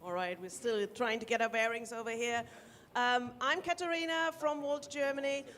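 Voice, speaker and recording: A woman's voice: a little high, moderate pace. A woman moderator makes upbeat announcements at an assembly and hands the floor over. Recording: hall reverb and clear noise.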